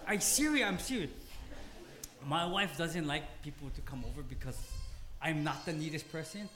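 A man's voice: high voice, fairly bright tone. Male pastor, Hawaiian Pidgin accent, light voice, emphatic storyteller, echoey room with a faint hum. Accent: Hawaiian Pidgin English. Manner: humorous, self-deprecating, emphatic storytelling. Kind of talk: sermon. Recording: roomy hall with faint ambience.

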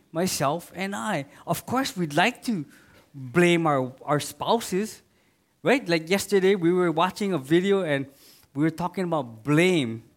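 A man preaching a sermon in an earnest way, rising to loud emphatic readings and dropping to soft asides. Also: high-pitched.

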